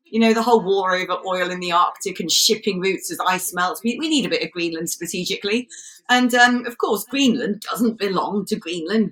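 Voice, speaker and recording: A woman's voice: medium pitch, fairly bright tone. Woman from Britain, co-host, sarcastic, mocking, political chat. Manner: sarcastic, mocking, puts on comic voices.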